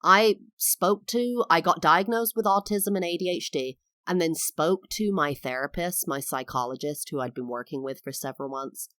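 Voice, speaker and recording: A woman's voice: deep voice, fairly bright tone, no echo, studio quality. A woman in her thirties hosting a podcast, telling personal stories in a candid, reflective way with emphatic swells. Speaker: podcast host. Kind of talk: personal storytelling monologue.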